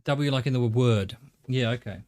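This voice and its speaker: A man's voice: medium pitch, moderate pace, a little mellow. A middle-aged man with an Australian accent giving live game-stream commentary, thinking aloud and chatting casually with his viewers.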